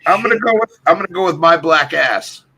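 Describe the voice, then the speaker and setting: A man's voice: on the high side, expressive, brisk, pushed and bright. A man co-hosting a casual video call chat, joking and laughing through a party game. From Ireland. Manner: joking, laughing, playful bits. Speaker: co-host.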